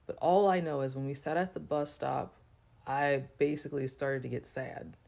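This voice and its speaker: A woman's voice: sits low, moderate pace, vocal fry, a little mellow. A woman telling a personal story to camera in a loose, chatty way, full of fillers. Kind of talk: casual storytime monologue.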